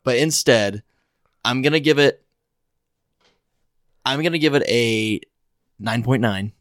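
A man's voice: medium pitch, slow pace, fairly bright tone, no echo, studio quality. A man co-hosting a podcast, chatting casually and playfully, enthusiastic when retelling a favorite scene. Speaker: podcast co-host. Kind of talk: casual chat.

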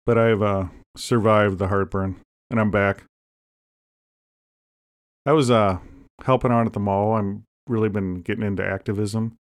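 Deadpan joking man, low voice. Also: a little slow, pauses often. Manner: deadpan joking, rambling asides. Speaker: podcast co-host. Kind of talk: casual comedic chat.

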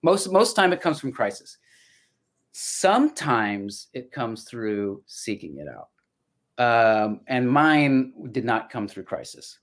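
A man's voice: mid-range voice, very animated, takes it slowly, fairly bright tone. A middle-aged man and voice actor talking casually as a podcast guest, reflective and storytelling, often restarting his sentences. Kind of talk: casual conversation.

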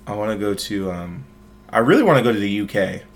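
A man's voice: on the low side, animated, fast. Joking young man, casual podcast chat. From United States. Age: young adult. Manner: rambling, joking, heavy use of "like". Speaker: podcast host.

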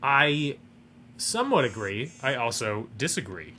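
A man's voice: mid-range voice, very animated, unhurried, sharp tone, a little hiss or hum. A man co-hosting a podcast, chatting casually about a movie in an analytical, sardonic way. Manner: analytical, hedging, sardonic asides. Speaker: podcast co-host. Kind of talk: casual movie review chat.

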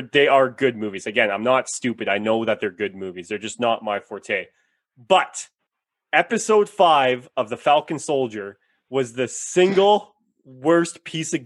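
A man's voice: medium pitch, expressive, a little slow, fairly bright tone, dry recording, studio quality. A man co-hosting a casual podcast, ranting bluntly and profanely, and mocking characters in exaggerated voices. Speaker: podcast co-host. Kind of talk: casual chat, ranting review.

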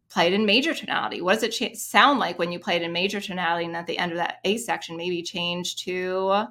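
A woman piano teacher explaining her methods in an interview, animated and singing short rhythm syllables to demonstrate. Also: on the low side, fast, few pauses. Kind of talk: interview explanation with sung examples.

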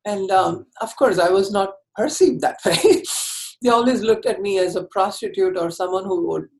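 A woman telling her personal story in an interview, candid and earnest, often halting and restarting her sentences. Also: medium pitch, darkish tone, low-quality recording.

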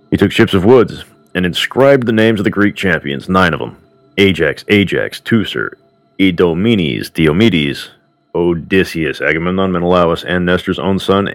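A man's voice: low-pitched, moderate pace. A man casually retelling a myth as a storyteller, with offhand conversational asides.

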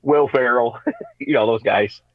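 A man co-hosting a radio talk show, telling stories in a casual, animated way and laughing as he goes. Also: medium pitch, a little slow, no echo, narrow, tinny audio. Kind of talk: casual storytelling chat.

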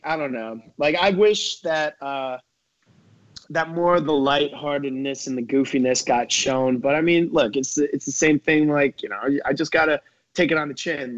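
Dude guest on a podcast, rambly, says like a lot, kinda higher voice, muffled audio. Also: male voice, no echo. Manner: rambling, fillers like "like" and "you know", animated storytelling. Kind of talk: casual chat.

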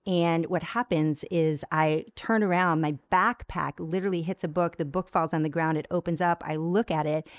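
A woman guest tells a long personal story in an animated way, stumbling and restarting as she goes. Her voice sits a little low for a woman. The recording is close and dry, with no room sound. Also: moderate pace, hardly any pauses, no room sound. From United States. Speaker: interview guest, yoga teacher. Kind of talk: storytelling in a conversation.

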